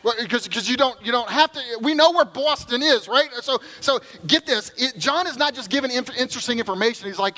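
Bright-voiced preacher, earnest and conversational. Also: male voice, very high-pitched, fairly quick, few pauses, low-quality recording. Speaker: pastor. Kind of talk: sermon.

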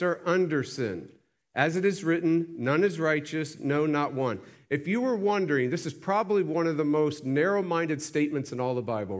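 A man preaching a sermon in church, reading scripture aloud and asking emphatic questions, swinging between loud and hushed delivery. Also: a little high. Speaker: pastor. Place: church sanctuary.

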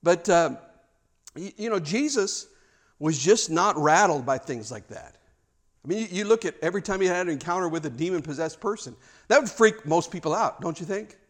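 A middle-aged man delivers a sermon in a loose, conversational way. His voice sits high for a man, and he slips into animated little performances of the people in his story. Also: normal speed. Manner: chatty, animated, acts out quotes. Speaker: pastor.

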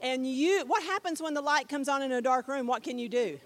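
A woman's voice: sits high, brisk, fairly bright tone. A middle-aged woman teaching a Bible class, chatty and direct, often repeating herself and putting questions to the class.

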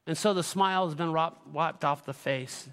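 High, bright-voiced pastor in a reverberant church. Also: male voice, normal speed, smooth. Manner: animated storytelling with laughter, rising to shouted exhortation. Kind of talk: sermon. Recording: echoey church hall.

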